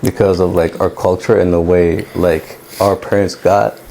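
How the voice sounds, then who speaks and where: A man's voice: deep voice, level tone, normal speed, creaky, background noise. A young man co-hosting a podcast, speaking in a laid-back, slangy way with lots of filler words. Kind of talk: casual podcast chat.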